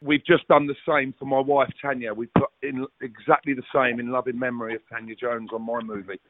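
A man's voice: medium pitch, level tone, brisk, a little hiss or hum. A middle-aged man, telling rambling stories as a guest, with swearing and restarts. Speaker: guest, former footballer. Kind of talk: casual storytelling chat. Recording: tinny phone-like audio, dry.

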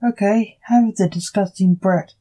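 A woman's voice: mid-range voice, fairly even intonation, measured pace, mellow, lightly acted, low-quality recording. A woman voicing a scared, confused young man who has lost his memory, in a plain reading voice.

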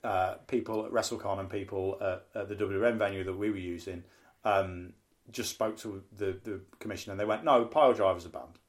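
A man's voice: sits low, level tone, a little fast. A man hosting a podcast, telling chatty, funny anecdotes and acting out the people he quotes. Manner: chatty anecdotes, acts out quoted voices, frequent "um". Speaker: podcast host, wrestling promoter and announcer. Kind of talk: casual podcast storytelling.

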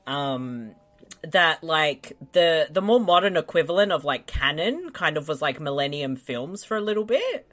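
Co-host, male, bright and animated, jokey casual chatter. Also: on the high side, unhurried. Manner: jokey, laughs often. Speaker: podcast co-host. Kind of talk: casual movie watch-along chat.

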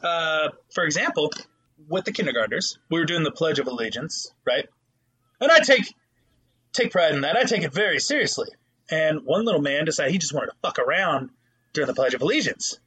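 Animated, husky young man telling stories. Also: a little high. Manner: animated storytelling, swears a lot, acts out voices. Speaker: podcast co-host, substitute teacher. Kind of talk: casual chat.

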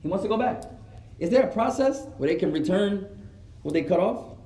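A man giving a religious lesson to a live gathering, animated, acting out quoted voices and dropping in Arabic phrases. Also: high-pitched, brisk. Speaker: Islamic teacher. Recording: roomy echo.

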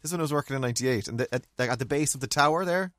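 An Irish man in casual chat, telling a story with lively acted-out quotes and frequent laughs. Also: medium pitch, very fast, dry recording, clean studio sound. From Ireland. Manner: animated, acts out quotes, laughs often.

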